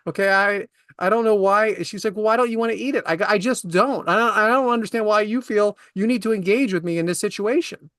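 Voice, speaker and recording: A man's voice: high voice, fast, a bit bright, no room sound, clean studio sound. A man in his forties, a podcast co-host, telling comedic anecdotes about everyday annoyances in an exasperated, ranting way. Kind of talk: casual comedic storytelling.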